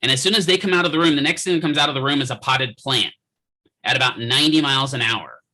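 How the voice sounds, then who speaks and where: A man's voice: mid-range voice, fast, pushed and bright, low-quality recording. A man lecturing students on physical therapy from his office, joking and checking in with frequent rhetorical questions. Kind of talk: classroom lecture with anecdotes.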